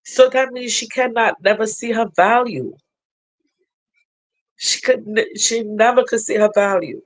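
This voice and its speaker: A woman's voice: fairly high pitch, unhurried, rough recording. A woman giving a spiritual reading and vlogging in a casual, earnest storytelling manner, breaking into laughter often. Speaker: spiritual reader. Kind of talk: casual spiritual vlog talk.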